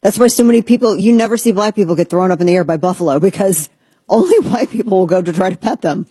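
A woman hosting a talk show, ranting sarcastically in casual commentary and mocking others in squeaky put-on voices. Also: fast talker, warm tone, breathy edge, no room sound. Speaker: podcast host.

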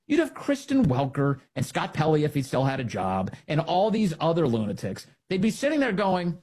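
A man with a husky, slightly high voice hosts a political commentary show. His pitch swings widely as he sounds sarcastic and indignant, mocking his opponents. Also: huge pitch swings, moderate pace, few pauses, darkish tone.

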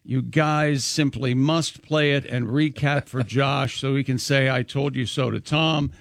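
A man co-hosting a radio show, reading listener emails and sports items in quick, joking banter. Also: medium pitch, steady tone, creaky, no room sound, studio quality. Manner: quick, laughing, reads items aloud.

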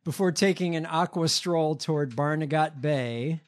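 A man's voice: a little high, moderate pace. A man co-hosting a casual show, reading news stories aloud with many hesitations. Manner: hesitant, lots of ums. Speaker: podcast co-host reading news. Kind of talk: casual chat, reading headlines.

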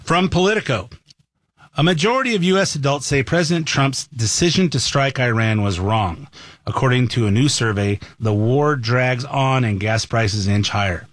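A man's voice: medium pitch, moderate pace, fairly bright tone, no room sound, clean studio sound. Opinionated male talk show host. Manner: opinionated, conversational. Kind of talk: radio talk commentary.

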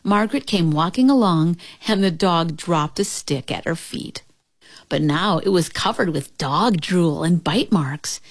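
A woman reading a children's storybook aloud in an expressive, lively manner. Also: on the low side, measured pace, dry recording, clean studio sound.

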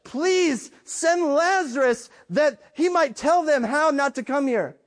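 A man's voice: very high-pitched, animated, takes it slowly, voice pushed up, full character voice. A preacher voicing a desperate tormented rich man. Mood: desperate begging. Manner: pleading, desperate.

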